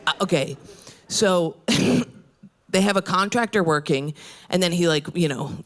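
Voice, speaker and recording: A woman stand-up comedian on a club stage, telling brash, crude stories with an animated delivery and frequent laughs. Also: fairly low pitch, unhurried. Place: comedy club stage before a live audience. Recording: live show recording with crowd and noise.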